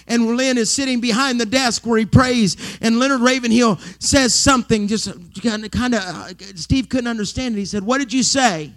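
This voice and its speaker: Middle-aged male preacher with a high voice, dynamic sermon delivery that swings from whispering to exclaiming. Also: normal speed, few pauses, a bit bright. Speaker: pastor.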